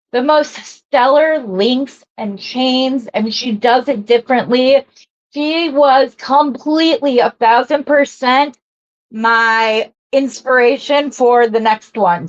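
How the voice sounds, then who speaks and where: Slow-talking woman chatting on a live stream. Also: sits high, lo-fi sound. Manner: chatty and rambling, greeting viewers as she works. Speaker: jewelry maker hosting a live stream. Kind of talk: casual live-stream chat.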